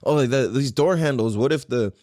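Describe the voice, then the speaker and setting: A man's voice: mid-range voice, a little fast, dark tone, no echo, clean studio sound, close to an everyday voice. A man voicing an older father who nags and picks apart everything his son shows him. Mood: nagging. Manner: fussy, fault-finding. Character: older father, nagging and skeptical. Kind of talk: retold quote in a podcast story.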